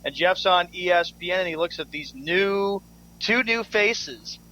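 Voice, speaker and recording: A man's voice: high voice, a little slow, sharp tone, dull audio. A man co-hosting a sports radio show, easygoing and laughing, reading out listener messages. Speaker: radio co-host. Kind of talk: casual radio banter.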